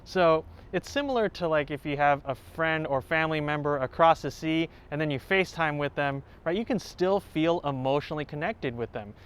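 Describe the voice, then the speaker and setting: A man who plays violin, hosting a tutorial and calmly explaining step by step, now and then singing short examples. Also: fairly high pitch, moderate pace, hardly any pauses. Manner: clear, explanatory, with sung examples. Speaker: violin teacher and channel host. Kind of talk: instructional talk to camera. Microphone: home recording setup.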